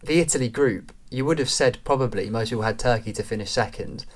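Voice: medium pitch, fast. A podcast co-host arguing football points with animation and quoting fans in mock voices. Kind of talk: casual football podcast chat.

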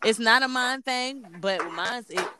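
A woman with a sharp, expressive, high-leaning voice talks at a moderate pace in a casual chat among moms about new motherhood. She's candid and conversational, dropping verbs as she goes, with background noise in the recording.

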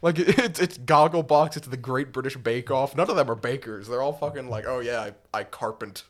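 A man's voice: mid-range voice, fairly quick. A man talking in a crude, rambling way, often laughing, during a casual podcast chat. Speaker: co-host.

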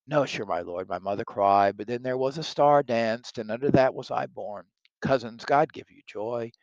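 A man reading aloud the part of a witty, sharp-tongued young noblewoman, lifting his voice a little for her lines. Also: mid-range voice, normal speed, dry recording, highs cut off, natural voice. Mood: teasing.

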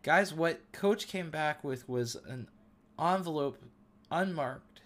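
A man's voice: a little high, takes it slowly, fairly bright tone. A man in his thirties hosting a devotional talk, sharing an earnest, emotional testimony. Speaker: podcast host.

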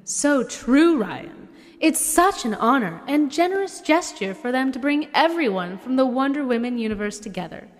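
A woman doing a gushing high-voiced awards host. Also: lively intonation, normal speed, in a large hall. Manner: gushing, over-the-top.

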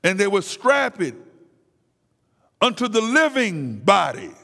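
High-voiced man preaching with passion, slow. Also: wildly swooping pitch, creaky, big-room sound. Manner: impassioned, swings from hushed to crying out, repeats words. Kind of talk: sermon.

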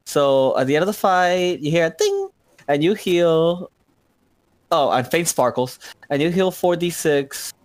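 A man playing a tabletop game over a podcast mic, playful and quick to laugh. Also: fairly high pitch, sing-song, no echo. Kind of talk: casual tabletop game play.

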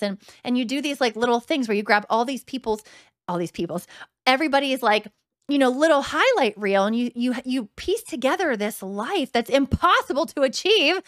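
A woman in her thirties hosts her own podcast, chatting frankly and loosely, often slipping into quoted voices of what she or others might think. Her voice sits high. The sound is dry and close, with no room around it. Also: expressive, brisk, fairly bright tone, no room sound. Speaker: podcast host. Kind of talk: casual solo podcast talk.

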